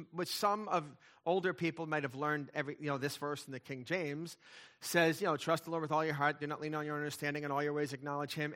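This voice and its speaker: A middle-aged male pastor preaches a sermon in a fairly high, slightly bright voice. He is emphatic, and his intensity swells and then drops back.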